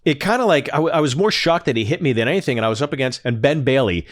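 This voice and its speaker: A man's voice: medium pitch, very fast, no room sound. A middle-aged man telling a comedic story as a guest, acting out the dialogue with energy. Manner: animated, acts out dialogue.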